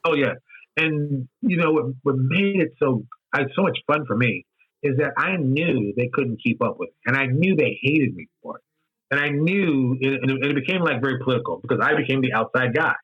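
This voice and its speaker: Man, 50s, candid interview guest. Husky, repeats himself for emphasis, muffled lo-fi recording. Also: medium pitch, expressive, normal speed. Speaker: interview guest, game designer. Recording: dull lo-fi sound.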